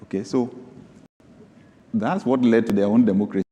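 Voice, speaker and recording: A man preaching a sermon as pastor, reading scripture aloud, moving from low asides to sudden high, emphatic bursts. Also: fairly even intonation, normal speed, warm tone, dull audio. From Nigeria. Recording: long hall reverb.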